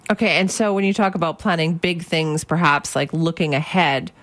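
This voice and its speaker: A woman's voice: deep voice, fairly even intonation, moderate pace, a bit bright. A woman interviewing a guest, conversational and curious. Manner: conversational, curious, laughs easily. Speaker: radio interviewer. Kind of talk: interview questions.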